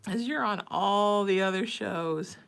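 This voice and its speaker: A woman's voice: mid-range voice, measured pace, creaky, a bit bright, clear, resonant tone. A woman hosting a psychic livestream, chatting casually and reading viewer texts aloud. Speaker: psychic medium livestream host.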